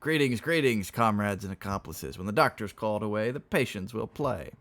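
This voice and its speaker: A man's voice: lowish voice, animated, brisk, fairly bright tone. A man playing Dolt, a boisterous lanky reveler. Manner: theatrical, exclaiming. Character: lanky, boisterous man in puce pajamas, jolly.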